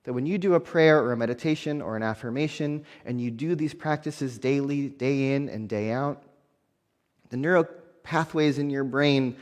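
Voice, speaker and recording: A man's voice: mid-range voice, big-room sound. A man preaching a sermon as a minister, earnest and building emphasis through repeated phrases.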